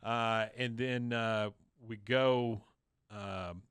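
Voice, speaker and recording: A man's voice: mid-range voice, fairly even intonation, drawn-out words, a bit bright, a little hiss or hum. A man co-hosting a podcast, casually recapping a cartoon episode scene by scene, with lots of "uh"s and quoted lines. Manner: retells scenes with many fillers and quoted lines. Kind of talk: casual chat.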